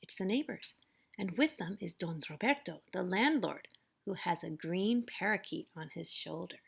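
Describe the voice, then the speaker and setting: A woman's voice: fairly low pitch, lively intonation, moderate pace, creaky, fairly bright tone, husky. A woman teacher reading a picture book aloud, narrating expressively. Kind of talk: storybook read-aloud.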